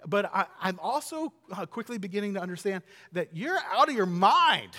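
A high, worked-up disciple pleads and scolds his teacher in a rush of alarm, played by a preacher mid-sermon, his voice raised well above the speaker's usual pitch. The sound rings out with a long hall echo. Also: expressive, moderate pace, a bit bright. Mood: exasperated. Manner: agitated, pleading, insistent.

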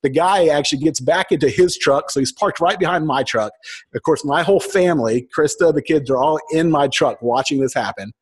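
Husky male pastor, higher-pitched voice, storytelling sermon, self-mocking humor. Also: a little fast.

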